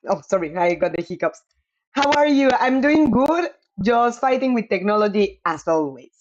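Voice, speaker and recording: A woman's voice: medium pitch, expressive, normal speed. Chatty woman game streamer, lo-fi mic. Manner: chatty, apologetic, laughs often. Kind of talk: casual live-stream chat.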